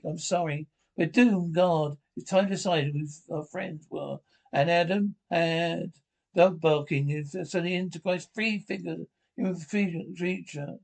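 A man's voice: fairly high pitch, gravelly, low-quality recording. A man reading a drama aloud, voicing the lines and the sound cues himself. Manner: reads character lines in his own voice with stage cues. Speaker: audio description reader. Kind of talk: reading an audio-described drama with all the voices.

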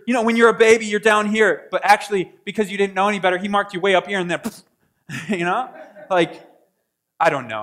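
A pastor with a notably high voice gives a sermon in a conversational manner, repeatedly posing rhetorical questions and praying aloud in his own words. He shifts from hushed asides to sudden loud outbursts.

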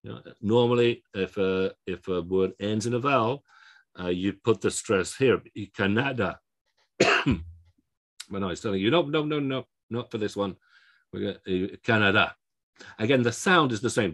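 A man with a somewhat low voice lectures on pronunciation rules. He explains patiently, stumbling through fillers and restarts. He keeps checking that his students follow along. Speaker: Spanish language instructor.

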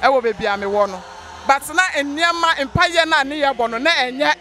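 Man, head teacher testifying, very high bright voice, emphatic, soft music under. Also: normal speed. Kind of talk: church testimony.

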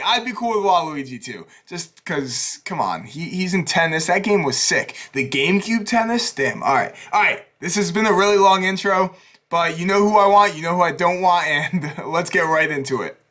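A young man talking fast as a YouTuber in an excited reaction video. He rambles nervously, swears often and sounds hyped. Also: high-pitched. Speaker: YouTuber reacting to a game trailer.

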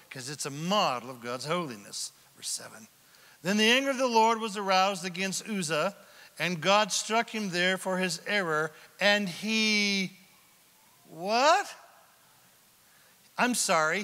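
A male pastor preaches in a church sanctuary, his voice high and bright as the sound rings through a long hall reverb. He reads scripture slowly, puts questions to the congregation, and drops from near-shouts to hushed whispers for drama. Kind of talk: sermon.

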